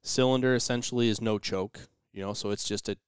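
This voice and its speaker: A man's voice: on the low side, steady tone, brisk, clear, resonant tone, no room sound, studio quality. A man as a podcast guest in casual chat, explaining step by step and murmuring agreement.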